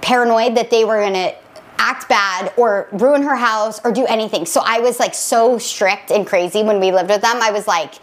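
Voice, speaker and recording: A woman in her thirties co-hosting a casual podcast, telling stories in an animated way and laughing easily. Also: medium pitch, moderate pace. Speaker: podcast co-host. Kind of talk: casual chat.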